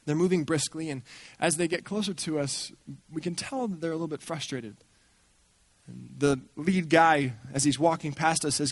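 A man speaking at a church gathering, telling a story in an animated way and acting out the people he quotes. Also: a little high, moderate pace, no room sound. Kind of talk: storytelling talk.

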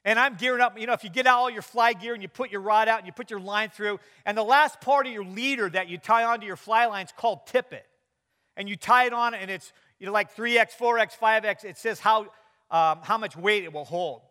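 Man, pastor, sermon, high bright voice, storytelling with humor. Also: a little fast. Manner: storytelling with quoted dialogue and humor.

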